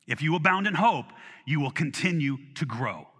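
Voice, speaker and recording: A man delivers a sermon with a lively, swinging pitch and a bright, forceful tone. He talks conversationally, restarting phrases and repeating words. His voice rings in a large hall with long reverb and drifts off-mic at times. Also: moderate pace, slightly rough. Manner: animated and conversational, with restarts and acted asides. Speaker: pastor.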